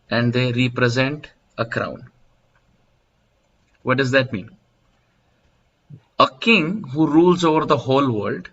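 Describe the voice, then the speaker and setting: A man giving a devotional scripture lecture in a temple, explaining and telling stories with soft laughs. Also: mid-range voice. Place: temple hall. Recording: dull lo-fi lecture recording.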